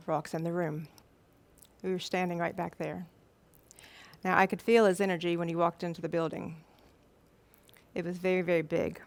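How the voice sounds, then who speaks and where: A middle-aged woman speaks to a live audience in an earnest, animated storytelling manner, leaning on repeated words for emphasis. Her voice sits on the low side, and the sound is dry and close with little room echo. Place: event room or hall with an audience.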